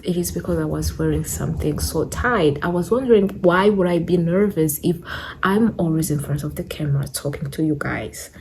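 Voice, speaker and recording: A woman's voice: lowish voice, normal speed, a little mellow, a little hiss or hum. A young woman beauty vlogger chatting casually while doing her makeup, a bit out of breath and rambling with fillers. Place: indoors at home, sit-down filming. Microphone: camera in front of her.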